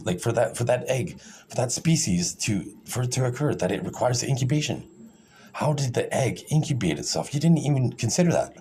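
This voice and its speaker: A man's voice: fairly low pitch, a little mellow, slight background noise. A man in a rambling, sarcastic and condescending monologue, full of fillers and restarts.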